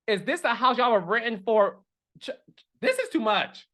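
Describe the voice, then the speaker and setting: Chatty male reality-TV commentator, animated and expressive, swings his pitch widely. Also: moderate pace. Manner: animated, chatty, dramatic gasps and asides. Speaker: reality TV commentator and podcast host. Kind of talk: casual chat.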